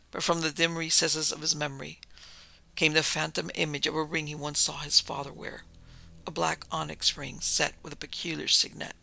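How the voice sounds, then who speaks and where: Gravelly man narrating a thriller. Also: on the high side, little pitch movement, normal speed, bright, forceful tone, no room sound. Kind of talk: scripted narration of a thriller story.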